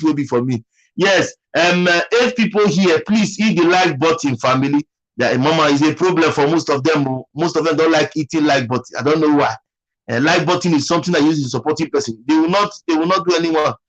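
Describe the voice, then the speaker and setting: A man's voice: on the high side, fairly bright tone, poor audio. A Nigerian man hosting a casual livestream, chatting and teasing while reading viewers' comments. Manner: chatty, repeats phrases, teasing. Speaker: livestream host.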